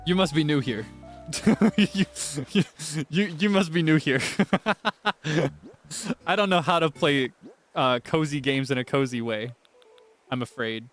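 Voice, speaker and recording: A man's voice: fairly high pitch, a little slow, long pauses, fairly bright tone, soft background music. A man chatting casually to viewers while livestreaming a game, playful and teasing, with sudden melodramatic outbursts. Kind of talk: casual gaming livestream chat.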